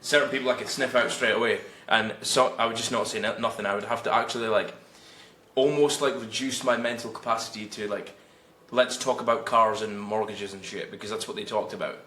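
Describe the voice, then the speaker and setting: A man's voice: lowish voice, a little fast, slight background noise. A man in his late twenties, a guest telling blunt, swear-laden stories in casual conversation. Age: late 20s. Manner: blunt, swears freely, animated storytelling. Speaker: guest, freelance copywriter. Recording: roomy echo.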